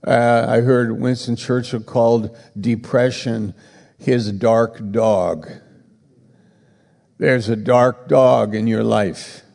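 A man preaching a sermon as pastor, halting and repeating words for emphasis, with a gravelly voice. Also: medium pitch, fairly even intonation, darkish tone, in a large hall.

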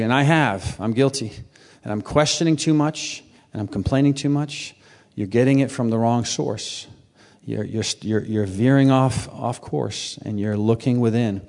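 Passionate preacher in a reverberant hall. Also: male voice, mid-range voice. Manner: passionate, with sudden rises and soft drops. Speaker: pastor. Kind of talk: sermon.

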